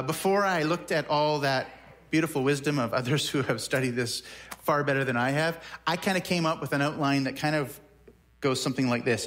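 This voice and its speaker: A man preaching a sermon at a middle pitch. He talks in a conversational way, repeating words as he thinks aloud and shifting his pace between quick and slow. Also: fairly bright tone. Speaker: pastor.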